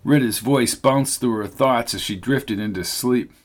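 A male narrator reading a novel aloud. He keeps a steady, measured pace in a mid-range voice. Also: mid-range voice. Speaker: audiobook narrator. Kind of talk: scripted narration.

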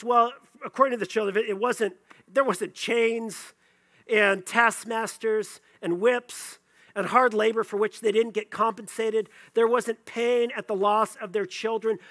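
A man's voice: sits high, a bit bright. A male pastor preaching a sermon, conversational and playful, joking with the congregation between scripture readings.

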